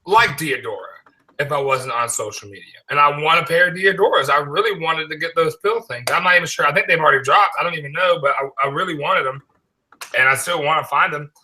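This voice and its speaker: Man, podcast host from the South, very bright tone, slightly high voice, loose and profane. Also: fast, rough recording. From American South. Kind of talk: casual chat.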